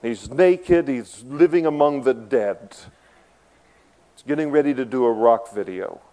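Man, pastor, sermon, warm mellow voice, emphatic, quiet-to-loud swings. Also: mid-range voice, unhurried, rough recording.

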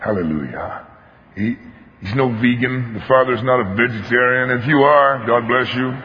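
A man's voice: mid-range voice, steady tone, normal speed, slight background noise. A man preaching a sermon, telling a story with emphatic animation and acting out the voices of its characters. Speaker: pastor. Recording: long hall reverb, dull lo-fi sound.

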